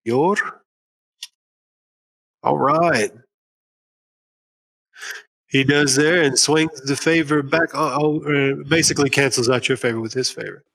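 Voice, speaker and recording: A man's voice: medium pitch, fairly even intonation, normal speed, few pauses, a bit bright. A man running a tabletop game as game master, explaining rules with fillers and humming to himself between turns.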